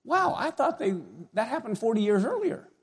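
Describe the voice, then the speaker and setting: A middle-aged man preaching a sermon as pastor, animated and conversational, often asking his congregation questions. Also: extremely high pitch, normal speed, husky.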